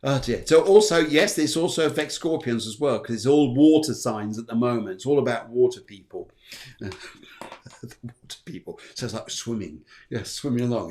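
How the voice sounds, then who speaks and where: A man's voice: mid-range voice, animated, brisk. A middle-aged man hosts a live astrology show. He talks casually, rambles, jokes and thanks his viewers. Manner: jokey, rambling, warm thanks to viewers, puts on silly voices. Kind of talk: chatty live-stream horoscope reading.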